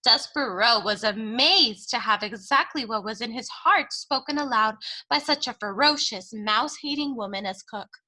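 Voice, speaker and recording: A woman teacher reading a children's book aloud in an expressive, deliberate way and then explaining the chapter. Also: medium pitch.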